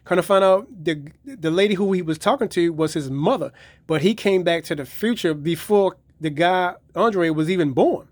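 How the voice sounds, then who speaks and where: A man's voice: high voice, normal speed, no room sound. A man casually reviewing his DVD collection, rambling and swearing as he retells episodes.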